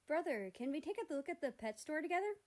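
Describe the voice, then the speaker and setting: A woman's voice: sits high, big pitch swings, fast talker, a little mellow, voice pushed up. A woman voicing an eager, pouty younger brother in a storybook reading.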